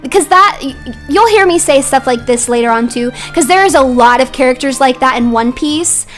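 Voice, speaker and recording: A young woman streaming, ranting heatedly about characters in a casual way and sometimes rising to shouts. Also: high-pitched, animated, normal speed, soft background music. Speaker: vtuber streamer.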